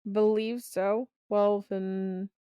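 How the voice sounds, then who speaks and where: A tired woman playing in a tabletop game, adding up her dice rolls out loud. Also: mid-range voice, little pitch movement, smooth, no room sound, dull audio. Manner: unhurried, tallies dice out loud. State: tired, yawning. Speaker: player. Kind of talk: tabletop game play, casual chat.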